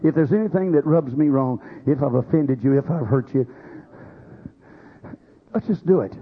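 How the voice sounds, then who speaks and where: A man's voice: medium pitch, moderate pace, slightly rough, narrow, tinny audio. A man preaching a sermon, acting out quoted voices as he goes. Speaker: pastor.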